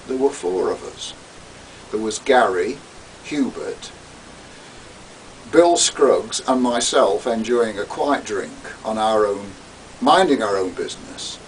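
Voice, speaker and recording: A man narrates his own story with theatrical relish. He reads slowly, with a lively, wide-ranging pitch, and the recording sounds distant with a faint hiss. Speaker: author reading his novel.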